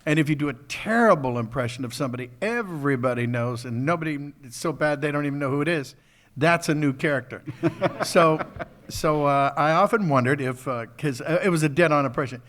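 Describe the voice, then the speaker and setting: A man's voice: on the high side, a little fast, a bit bright. An older man, a voice actor guest at a convention panel, telling rambling stories and chuckling often.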